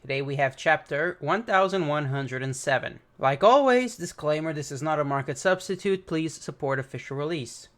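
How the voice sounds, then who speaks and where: A man's voice: fairly high pitch, moderate pace, hardly any pauses, a bit bright. Casual man reading a manga aloud. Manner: casual, reads dialogue aloud with light commentary. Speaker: manga reaction host. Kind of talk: reading and reacting to a manga chapter.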